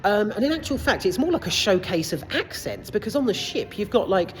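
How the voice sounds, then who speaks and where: Animated, rambling woman reviewing films. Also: mid-range voice, fairly quick. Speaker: film reviewer. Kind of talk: casual spoken film review. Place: cinema foyer.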